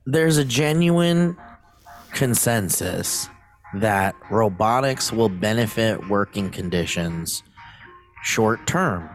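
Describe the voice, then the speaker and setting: A man's voice: on the low side, lively intonation, slow, soft background music. A man co-hosting a casual podcast, reading news aloud and rambling off with lots of fillers. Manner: rambling, lots of fillers, bursts into silly voices. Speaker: podcast co-host.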